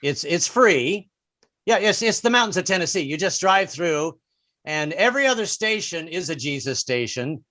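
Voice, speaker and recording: A man's voice: on the high side, expressive, normal speed, sharp tone. A man doing a stand-up comedy set who stammers and repeats words, now and then putting on mock voices.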